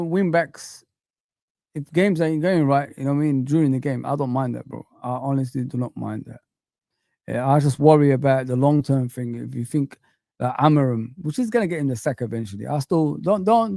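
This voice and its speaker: A man's voice: a little high, creaky, darkish tone, dry recording, studio quality. A man hosting a football live stream, ranting in heated street slang as he reads the chat.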